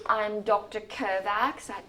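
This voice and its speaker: Woman, stage monologue as a doctor, halting, stammering, unhurried. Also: mid-range voice, fairly even intonation, bright, forceful tone, slight background noise. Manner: hesitant, self-doubting, halting with stammered restarts. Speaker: actor playing a hospital doctor. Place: stage performance.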